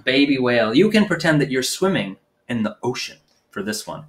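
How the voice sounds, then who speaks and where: A man's voice: medium pitch, sing-song, a little fast. A man performing as a children's music entertainer, leading preschoolers through a live sing-along with short spoken prompts between songs. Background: his own guitar playing.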